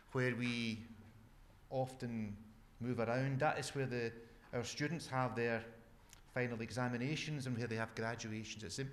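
A Scottish man giving an academic lecture as a guest speaker, measured and repeating words as he restarts. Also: mid-range voice, a bit bright. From Scotland.

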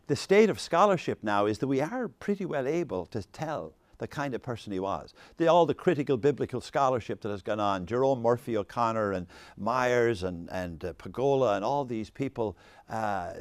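A man leading a faith discussion with an audience, rambling and animated, laughing often and restarting his sentences. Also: mid-range voice, moderate pace, no echo. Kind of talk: informal talk with audience questions.

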